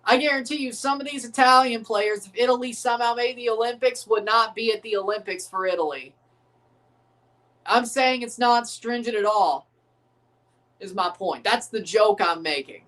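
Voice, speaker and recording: A woman riffing through a live sports watchalong, profane and joking, deliberately abrasive. Her speaking voice sits a little high. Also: fairly bright tone. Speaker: livestream host.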